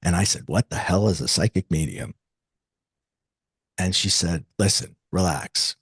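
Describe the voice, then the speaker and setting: A man's voice: low-pitched, expressive, moderate pace, husky, dry recording, studio quality. A man, as an interview guest, telling a personal story in an earnest, confessional way and acting out the dialogue.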